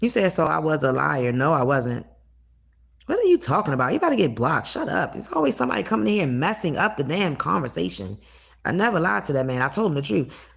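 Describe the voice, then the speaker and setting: Low, gravelly, blunt-talking woman. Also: a little fast. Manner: blunt, profane, animated storytelling. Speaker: livestreamer. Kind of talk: casual livestream chat.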